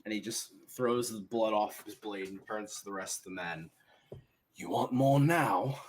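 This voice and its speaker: A man narrating a tabletop game as game master, animated and laughing often as he describes the action. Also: fairly low pitch, normal speed, slight background noise.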